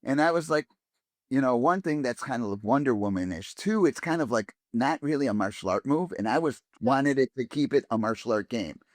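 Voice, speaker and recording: A man telling an anecdote as an interview guest, animated and casual, with many fillers and restarts. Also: medium pitch, a little fast, no echo. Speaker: interview guest, game actor.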